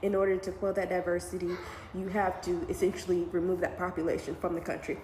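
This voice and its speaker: A woman's voice: lowish voice, little pitch movement, fast talker, darkish tone. Emotional woman in an echoey room. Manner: emotional, near tears, talks to viewers directly. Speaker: mom and online commentator. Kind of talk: casual reaction commentary. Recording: echoey room with faint background noise.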